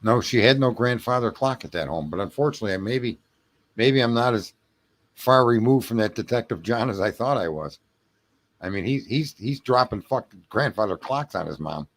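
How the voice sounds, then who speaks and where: A man hosting a late-night livestream, telling a rambling story with lots of swearing, laughter and throat clearing. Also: fairly low pitch, expressive, moderate pace. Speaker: livestream host. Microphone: home streaming mic.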